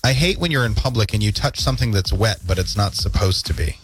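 Morning radio host, male, lively joking delivery, studio mic. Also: fairly low pitch, fast talker, soft background music. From Canada. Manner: jokey, animated storytelling with laughs. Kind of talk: casual morning radio banter.

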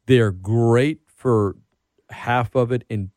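A man's voice: mid-range voice, slow, no room sound, clean studio sound. A man hosting a casual sports talk show, rambling and getting worked up as he talks. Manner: animated, rambling, gets worked up. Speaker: podcast host.

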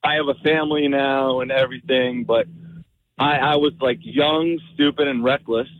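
A man's voice: mid-range voice, fairly even intonation. Guy in his 30s calling in, lots of ums, tinny phone line. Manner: halting, many fillers, sheepish. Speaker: caller. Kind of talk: casual phone-in chat.

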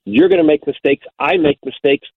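A man's voice: fairly high pitch, huge pitch swings, a little fast, vocal fry, slightly rough, no room sound. An older man, a radio outdoors host, telling a hunting story in a folksy way, often repeating words as he searches for them. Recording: tinny phone-like dry sound.

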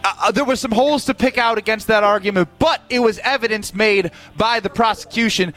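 Man, sports radio co-host, rambling, earnest, high voice. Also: a little fast, fairly bright tone, faint music behind. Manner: rambling, earnest, self-deprecating. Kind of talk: comedic sports talk.

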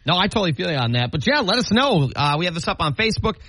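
A man's voice: high-pitched, racing, dry recording. A man from the US Midwest co-hosting a morning radio show. His voice moves up and down animatedly as he jokes and laughs with his partner. He is recorded close and dry in a studio. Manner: lively, easygoing, laughs often. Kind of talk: casual radio banter. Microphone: studio mic.

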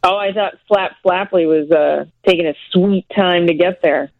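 A woman's voice: lowish voice, normal speed, no echo, narrow, tinny audio. A woman co-hosting a radio show in casual chat, bubbly and playful.

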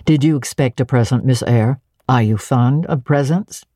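A woman reading an audiobook, voicing a curt, imperious, brooding gentleman in a gruff manner. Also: a bass voice, moderate pace, no room sound, studio quality.

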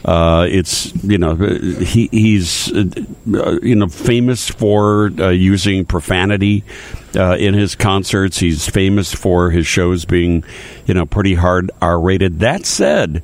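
Male radio host, very low voice, stop-start casual talk. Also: a little slow. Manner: hesitant, many uh fillers and restarts.

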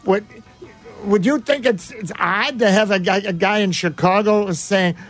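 A man's voice: high-pitched, a little slow, soft background music. A man hosting a sports radio show, telling rambling stories full of fillers and restarts in casual banter.

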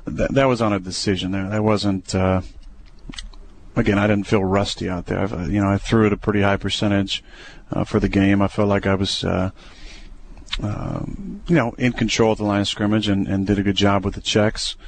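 A young adult man, a quarterback, talking through plays in a relaxed, hesitant way with many fillers and restarts. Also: lowish voice, moderate pace, slight background noise. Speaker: football quarterback. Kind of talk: casual radio interview.

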